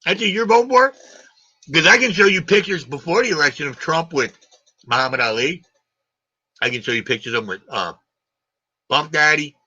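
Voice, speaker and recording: A man's voice: a little high, animated, moderate pace, pauses often, sharp tone, slightly rough, no echo. A man hosting a live stream, ranting combatively in a heated argument and hammering his points with repeated questions. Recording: dull lo-fi stream audio.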